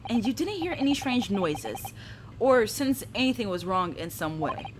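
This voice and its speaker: A woman's voice: medium pitch, big pitch swings, normal speed, slight background noise, natural voice. A woman voicing a polite young male lawyer who asks careful, formal questions. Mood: questioning.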